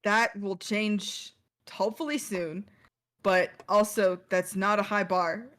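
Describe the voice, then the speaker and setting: A woman taking part as a player in a tabletop role-play game, chatting in an animated, flustered way. She often breaks into laughter mid-sentence, and her voice sits at a middle pitch. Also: slow. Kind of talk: casual tabletop game chat.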